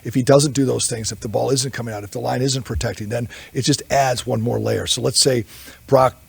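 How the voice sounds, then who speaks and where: Man, football line coach at a press conference, gravelly and fast, rambling storyteller. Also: medium pitch, fairly even intonation, no echo. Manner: rambling storyteller, candid, self-interrupting.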